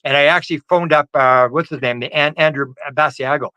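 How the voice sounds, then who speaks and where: A man's voice: a little high, fairly quick, sharp tone, clear, resonant tone, no echo, poor audio. A man guest on an interview over a video call, telling a story animatedly, with frequent restarts and stammers and quoted lines acted out in a raised voice. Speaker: guest UFO researcher. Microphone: video call microphone.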